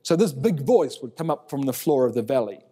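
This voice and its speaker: Male Bible teacher, lively delivery, mellow tone, long hall reverb. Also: mid-range voice, fairly quick, breathy edge. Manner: animated, acts out biblical dialogue in raised voice.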